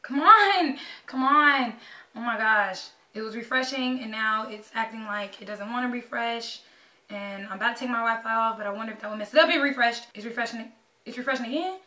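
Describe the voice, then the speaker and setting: A young woman, talking anxiously and excitedly to her camera in a casual vlog. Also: a little high, fast. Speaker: vlogger. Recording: echoey room, voice a bit far from mic.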